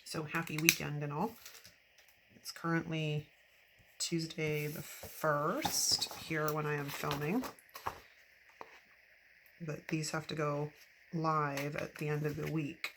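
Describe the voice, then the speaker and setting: A woman in her fifties with a low voice speaks slowly, with long pauses, as she decorates her planner for her vlog. She rambles casually and laughs a lot, with constant background noise behind her.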